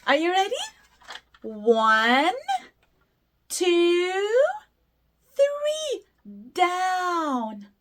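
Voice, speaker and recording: A young woman hosting a toddler lesson, talking slowly in an exaggerated, sing-song, encouraging way. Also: very high-pitched, big pitch swings, fairly bright tone. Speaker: children's show host. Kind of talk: teaching toddlers through play.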